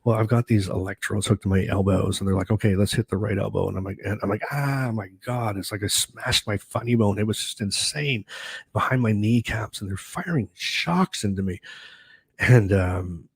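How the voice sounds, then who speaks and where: A man's voice: on the low side, normal speed, slightly rough, no room sound. A middle-aged man hosting his own video, telling a personal story in a rambling, chatty way full of fillers and restarts. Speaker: host.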